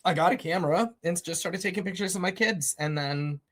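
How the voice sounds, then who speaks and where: A man's voice: sits high, fairly quick, fairly bright tone. A man as a guest telling stories in a casual chat, acting out his own past lines. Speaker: guest, event photographer.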